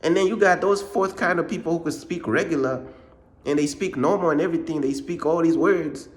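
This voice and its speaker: Brief: man, higher-pitched, informal faith pep talk, slangy and repetitive, keeps hammering the point home. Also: a little fast. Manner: repetitive, informal slang, says "bruh" a lot; emphatic, circles back to points. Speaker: ministry channel host. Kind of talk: casual motivational faith talk.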